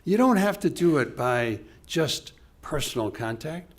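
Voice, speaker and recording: A man's voice: on the high side, lively intonation. An older man giving a motivational keynote, speaking earnestly in a conversational storytelling manner. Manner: earnest, conversational, acts out quoted dialogue with dropped voice and pauses. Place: conference hall stage.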